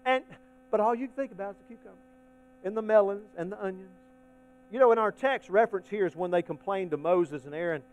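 High-voiced man preaching a folksy sermon. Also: poor audio. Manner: swings between hushed asides and loud emphatic preaching; folksy, addresses the congregation as y'all. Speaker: pastor.

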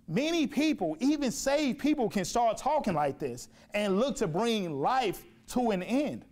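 A man's voice: sits high, sing-song, unhurried, darkish tone. A man preaching a sermon in a church, emphatic, repeating phrases and asking rhetorical questions. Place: church sanctuary.

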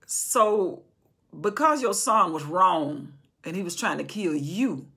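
Woman doing a casual bible study at home, husky voice, keeps asking questions and restarting. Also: lowish voice, lively intonation, slow pace, fairly bright tone. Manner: conversational, rhetorical questions, frequent restarts. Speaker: Bible teacher. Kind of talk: informal Bible study teaching. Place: indoor room with candles.

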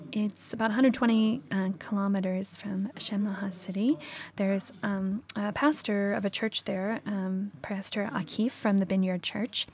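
A woman preaching a sermon in a church, telling a story with many pauses and self-corrections. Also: mid-range voice, fairly even intonation, darkish tone.

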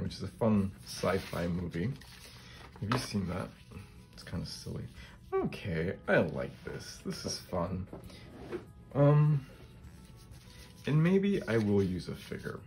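A man's voice: low voice, vocal fry, darkish tone. A middle-aged man hosting a casual craft demonstration, thinking aloud as he works and often tagging his remarks with a questioning "right?". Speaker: collage artist and channel host.

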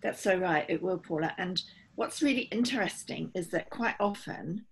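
A woman's voice: fairly low pitch, normal speed, a little hiss or hum. A middle-aged woman, a holistic therapist, explaining earnestly and steadily in an interview, often voicing what her clients think.

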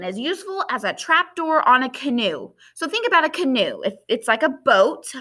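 A woman's voice: high-pitched, pushed and bright. A woman teacher with a Southern accent reading a novel aloud to her class, stopping to explain and asking the students questions in a patient way.

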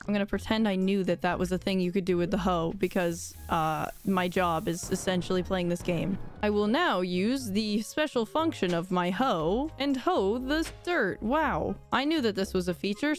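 A woman giving casual, excitable and self-mocking commentary while playing a farming game. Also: mid-range voice, moderate pace, faint music behind. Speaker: let's play gamer.

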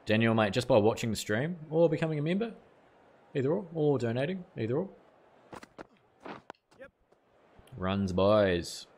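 A man's voice: medium pitch, very animated, moderate pace, long pauses, a little mellow. A man streaming a cricket video game live, chatting casually with viewers and swearing now and then. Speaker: gaming streamer.

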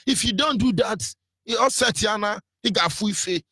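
A man's voice: high-pitched, normal speed, pushed and bright, slightly rough, dry recording, studio quality. A man with a Nigerian accent giving an impassioned, preacherly radio talk, fiery and defiant. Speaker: radio broadcaster.

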